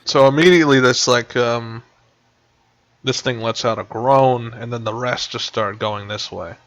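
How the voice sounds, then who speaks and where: A man's voice: medium pitch, fairly even intonation, measured pace, a bit bright, dry recording. A man narrating as game master of a tabletop game over voice chat, rambling with many fillers. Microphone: voice chat headset. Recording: dull lo-fi voice chat.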